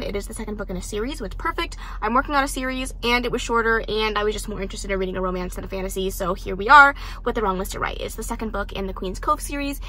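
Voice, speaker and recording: A young woman talking casually to the camera at home about the books she is reading, animated and self-deprecating. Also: a little high. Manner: chatty, animated, self-deprecating with bursts of loud excitement. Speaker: book vlogger. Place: her home.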